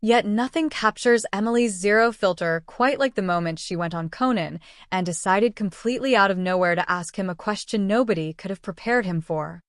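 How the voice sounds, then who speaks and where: Woman narrating in dry, even tones. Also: mid-range voice, a little fast, no room sound. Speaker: compilation narrator. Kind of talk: scripted narration.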